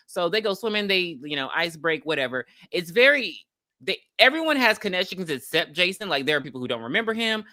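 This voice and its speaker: Lively woman recapping a horror film. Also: on the low side, a little fast, no room sound, studio quality. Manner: animated, swearing, frequent ums and laughs. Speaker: podcast co-host. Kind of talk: casual movie recap chat.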